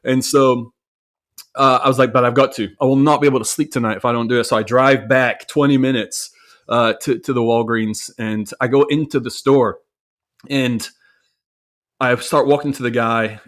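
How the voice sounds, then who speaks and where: A man's voice: medium pitch, steady tone, moderate pace, a bit bright. A man telling a story about his own mistake in a candid, self-reflective way, with frequent restarts and repeated words. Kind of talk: conversational storytelling.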